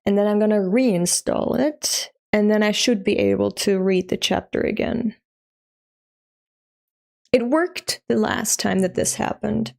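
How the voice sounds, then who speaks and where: Streamer, woman, 30s, from Europe, chatty and gravelly, laughs a lot. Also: mid-range voice, measured pace, a little mellow. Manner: chatty, laughs often, swears casually. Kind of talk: casual live-stream chat.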